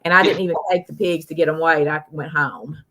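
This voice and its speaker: A woman's voice: low voice, fairly even intonation, a little fast, heavy background noise. A middle-aged woman hosting a live stream, telling a rambling, folksy story full of "uh" and "you know". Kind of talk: casual storytelling chat.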